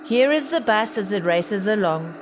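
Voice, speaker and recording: A woman reading a children's picture book aloud, with measured, expressive storytelling. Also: mid-range voice, a little hiss or hum. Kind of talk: children's read-aloud narration. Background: music.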